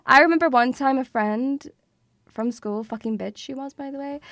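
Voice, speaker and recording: Young woman streamer, high bright voice, swears and says sweetie a lot, dry close mic. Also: normal speed, dry recording. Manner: chatty, swears freely, calls viewers sweetie. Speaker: VTuber streamer. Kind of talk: casual livestream chat.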